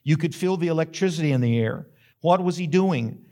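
A man's voice: on the high side, expressive, brisk, mellow. A male pastor, preaching a sermon that retells a story dramatically and builds to emphatic questions.

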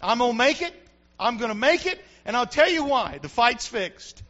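Male pastor, high bright voice, fervent sermon that swells into shouts, dull lo-fi church recording. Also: sing-song, moderate pace. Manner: preaching with rising fervor, shouting at peaks.

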